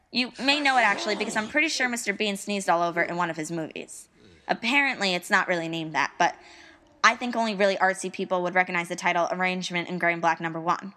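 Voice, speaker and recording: Young woman, student, scripted letter narration, earnest and wistful, tense bright tone. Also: lowish voice.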